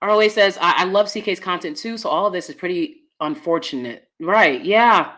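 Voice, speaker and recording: A woman, chatting casually and animatedly with her viewers while laughing often, swinging between loud bursts and soft asides. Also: fairly low pitch, moderate pace, slight background noise. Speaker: channel host. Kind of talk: casual live-stream chat.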